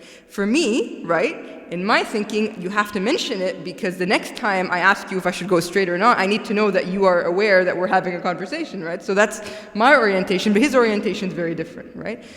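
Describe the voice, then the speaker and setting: A woman's voice: mid-range voice, quick pace, few pauses, fairly bright tone. A woman giving a religious talk to a congregation, conversational, often checking in with "right?". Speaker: guest speaker. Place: large mosque hall. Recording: echoey hall with long reverb.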